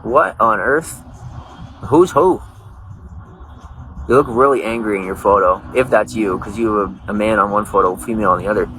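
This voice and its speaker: A man's voice: fairly low pitch, moderate pace, pauses often, fairly bright tone. A man live-streaming, chatting casually and rambling, greeting viewers by name. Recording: noisy background.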